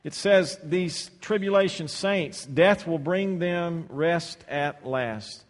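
A man preaching a sermon in a hall with a long reverb tail. His voice sits a little high for a man. He swings between booming, drawn-out scripture reading and hushed, low-spoken asides, repeating words as he restarts.

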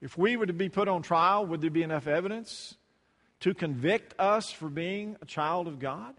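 A man preaching to his congregation with a fairly high voice. He talks loosely and conversationally, repeats words and acts out dialogue. The long reverb of a church hall hangs behind him. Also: normal speed, a bit bright. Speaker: pastor. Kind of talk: sermon.

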